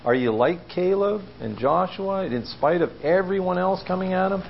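Man preacher, gravelly and fairly high, casual sermon with lots of questions to the room, muffled lo-fi church recording. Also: lively intonation, normal speed, slight background noise. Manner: conversational, asks the listeners questions. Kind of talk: informal sermon.

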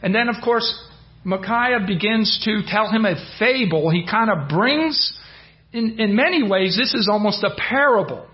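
A man's voice: high voice, expressive, normal speed. A man teaching from the Bible in an informal sermon, retelling a story with many fillers and restarts and acting out the quotes. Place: church. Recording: dull lo-fi church audio.

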